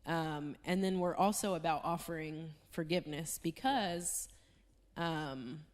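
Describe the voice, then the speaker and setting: A soft-spoken woman shares her thoughts in a church panel talk. Her voice sits somewhat low for a woman, and she talks earnestly with frequent "um" fillers. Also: unhurried. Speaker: church speaker.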